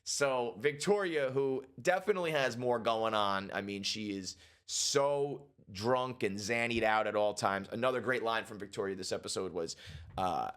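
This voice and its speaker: A man giving a casual reaction and breakdown of a TV episode, animated and swearing freely, acting out characters' lines in quick voices. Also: lowish voice. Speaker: TV show reviewer.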